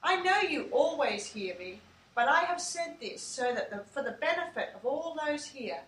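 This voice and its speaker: Jesus, a calm grown teacher, speaks gently and earnestly in a storybook reading, as a woman reads his lines. The voice sits high and bright. It is heard from a distance in an echoey room. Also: moderate pace. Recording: echoey room, mic far off.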